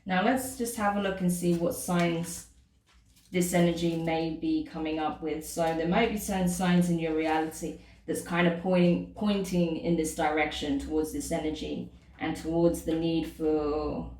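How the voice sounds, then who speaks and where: A woman's voice: low-pitched, steady tone, moderate pace, darkish tone, recorded from a distance. A woman giving a casual tarot reading, chatting to the listener and often checking in with "okay?" and "right?". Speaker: tarot reader. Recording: echoey room, voice off-mic.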